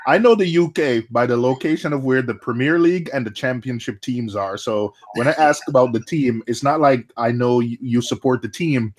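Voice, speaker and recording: This is a man in his thirties, originally from Jamaica, chatting casually on a live community stream. His speech is animated and rambling, with plenty of laughter and words repeated on the fly. His pitch is mid-range for a man. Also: moderate pace, few pauses. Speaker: live stream chat participant. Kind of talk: casual chat.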